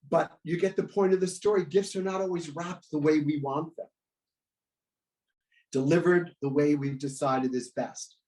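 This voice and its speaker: A man giving a reflective sermon at a spiritual center, in measured phrases with pauses. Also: on the high side, a little mellow, poor audio. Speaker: guest speaker at a spiritual center. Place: church sanctuary.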